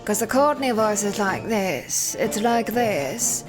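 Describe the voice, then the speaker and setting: A woman's voice: medium pitch, expressive, takes it slowly. A woman playing a story video game on stream, voicing the dialogue and chatting between lines. She has a mid-range voice and a loose, chatty manner, with game music playing under her. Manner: chatty, swears when frustrated. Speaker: let's play streamer. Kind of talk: casual gameplay commentary and dialogue reading.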